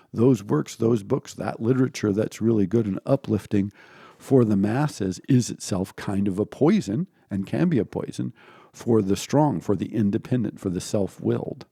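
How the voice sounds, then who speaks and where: A man's voice: on the low side, vocal fry, mellow, breathy edge, dry recording, clean studio sound. A man giving an informal spoken philosophy lecture, digressive and self-correcting, now and then acting out the voices he quotes.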